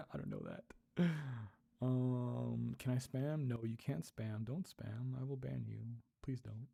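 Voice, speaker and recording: A man hosts a relaxed livestream from home, reading viewer comments aloud and laughing often. His voice is gravelly and mellow. He talks slowly and sounds out unfamiliar words carefully, syllable by syllable. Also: mid-range voice. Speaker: livestream host. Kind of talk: casual livestream chat while learning a language.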